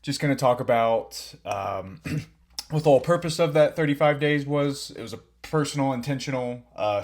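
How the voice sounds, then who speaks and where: Calm earnest male podcast host. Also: medium pitch. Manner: calm, earnest, with frequent filler words. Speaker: podcast host and personal trainer. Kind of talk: reflective podcast monologue.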